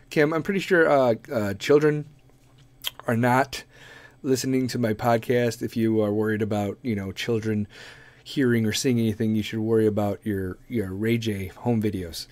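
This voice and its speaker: A crude, sarcastic man rambles through a profane comedy podcast. His voice swings widely in pitch and sounds close, dry and unroomy. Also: lively intonation, moderate pace, no room sound. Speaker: podcast host.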